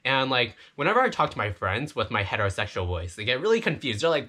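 A flamboyant young man talks straight to his viewers in a campy, foul-mouthed confessional vlog. His voice is bright and forceful, and his pitch swoops all over as he jokes. He sounds excited and playful throughout. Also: fast, hardly any pauses, slightly rough. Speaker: vlogger.

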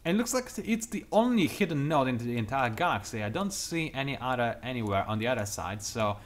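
A young man hosting a strategy game tutorial, talking quickly through detailed explanations with dry, sarcastic asides. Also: medium pitch, sing-song. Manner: talks fast, self-admittedly. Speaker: gameplay tutorial host. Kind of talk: explanatory let's-play commentary.

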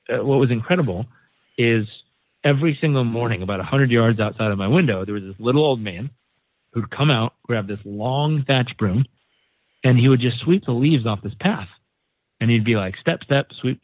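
As a podcast guest, this San Diego man spins a casual story, animatedly performing the voices of the people he quotes. His voice sits at medium pitch, and the recording is dry and narrow, like a phone.

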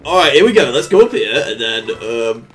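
A let's play commentator giving casual gameplay commentary, humming little made-up tunes, cooing at the game characters like pets and letting out sudden excited yelps and laughs. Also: mid-range voice, fairly quick. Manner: hums little made-up tunes while playing.

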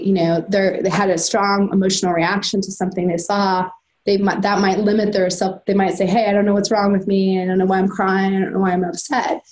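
Vrouw die aarzelend een lezing geeft. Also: female voice, mid-range voice, a little mellow, rough recording. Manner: hesitant, many fillers and restarts. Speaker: presenter at a telehealth training. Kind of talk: recorded slide-lecture presentation.

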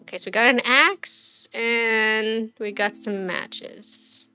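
A woman's voice: on the high side, slow, pushed and bright, faint music behind. A woman streamer giving casual let's-play commentary, chatty, thinking aloud and quizzing the game characters.

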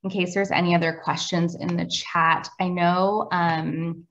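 A practical woman organizing a virtual event speaks in a low, gravelly voice. Her call audio sounds dull and lo-fi. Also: little pitch movement, unhurried, fairly bright tone. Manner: practical, filler-heavy. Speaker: event organizer handling tech and chat. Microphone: video call.

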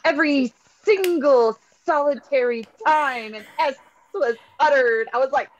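A woman's voice: high-pitched, measured pace, rough recording. A woman on a book club panel making dry, joking complaints in casual chat.

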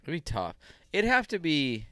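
A man's voice: on the high side, wildly swooping pitch, normal speed, fairly bright tone, no room sound. A man co-hosting a podcast, chatting casually and teasing the others with dry jokes. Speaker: podcast co-host. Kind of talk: casual chat.

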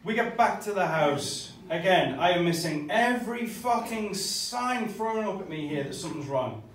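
A man's voice: high-pitched, lively intonation, moderate pace, fairly bright tone, far from the mic, slight background noise. A young man doing a stand-up set, swearing constantly and laughing at his own jokes, a bit tipsy. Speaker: stand-up comedian. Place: small comedy club. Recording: echoey club recorded from afar with crowd. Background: laughing crowd.

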